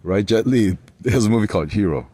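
A man's voice: fairly low pitch, expressive, brisk, warm tone, slightly rough, no echo. A man in his forties talking on and on from a spa tub, swearing, laughing often and jumping from one topic to the next. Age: 40s. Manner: profane, laughs often, jumps between topics. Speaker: vlogger. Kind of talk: rambling monologue.

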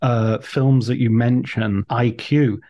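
A man's voice: mid-range voice, steady tone, slow, mellow. A man interviewing a guest about her book, asking his questions hesitantly and searching for words with uh and um. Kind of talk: conversational interview.

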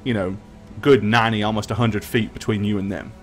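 A man's voice: on the low side, steady tone, brisk, a little hiss or hum. A man narrating as game master of a tabletop game, with rambling, filler-heavy speech.

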